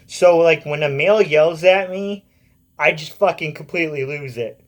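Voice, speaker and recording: Young man in his twenties, slightly high voice, casual and blunt, swears freely. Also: moderate pace. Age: 20s. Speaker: vlogger. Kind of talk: casual personal storytelling.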